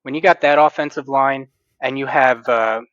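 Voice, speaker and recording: A man co-hosting a sports podcast, speaking with emphatic, passionate conviction. His voice sits at a middle pitch, and the recording is dull, lo-fi and dry. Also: moderate pace, fairly bright tone, dry recording. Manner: emphatic, passionate fan talk. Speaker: podcast co-host. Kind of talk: casual sports chat.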